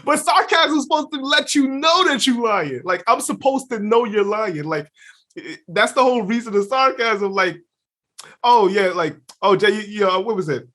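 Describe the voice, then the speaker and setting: A young adult man co-hosting a podcast, chatting casually, laughing often and acting out quotes in an animated way. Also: sits high, normal speed. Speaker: podcast co-host. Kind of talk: casual chat.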